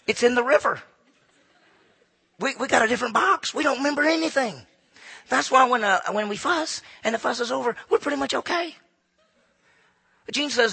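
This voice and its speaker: High, gravelly man, folksy. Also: pushed and bright. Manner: folksy, conversational, asks the crowd questions. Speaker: speaker addressing an audience. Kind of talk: humorous talk to a live audience.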